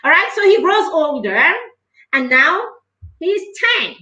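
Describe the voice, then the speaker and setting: A parenting coach speaks earnestly and presses her points by repeating them. Her voice sits high and sounds bright and forceful. She is recorded in a noticeably echoey room. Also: very animated, unhurried, lo-fi sound. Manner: earnest and emphatic, repeats phrases for stress. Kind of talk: live parenting talk.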